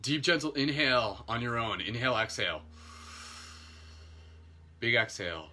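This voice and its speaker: A man leading a guided meditation who breaks off into playful jokes between calm breathing instructions. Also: mid-range voice, normal speed, a little hiss or hum.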